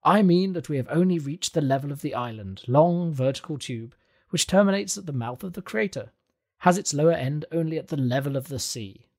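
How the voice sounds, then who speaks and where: An excitable older professor who lectures with booming confidence, as a male narrator puts him on. His voice sits higher and louder than the reader's own, with a husky edge, and he speaks in emphatic, lecturing bursts. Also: fairly quick. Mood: insistent.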